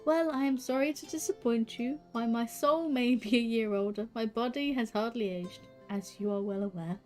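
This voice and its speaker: Woman playing prim young male elf scholar, formal, measured, fairly high voice. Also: darkish tone, faint music behind, close to an everyday voice.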